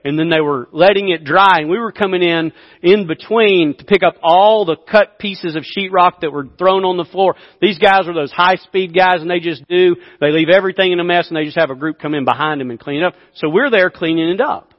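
A man in his fifties preaching a sermon, telling a story and swinging from quiet asides to loud bursts. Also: high voice, fairly quick, big-room sound, lo-fi sound. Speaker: pastor.

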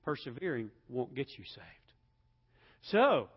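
Slightly high-voiced man preaching in reverberant hall. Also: big pitch swings, a little slow, pauses often, breathy edge. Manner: emphatic preaching, building to loud peaks then dropping low. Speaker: pastor. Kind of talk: sermon. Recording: dull sound with long hall reverb.

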